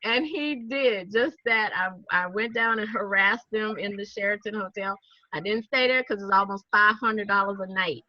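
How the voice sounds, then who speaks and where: A woman with a Southern accent, an animated storyteller who laughs often and acts out what people said, talking casually to a group on a video call. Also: mid-range voice, normal speed, no echo. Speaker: network marketing speaker. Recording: dull, dry lo-fi sound.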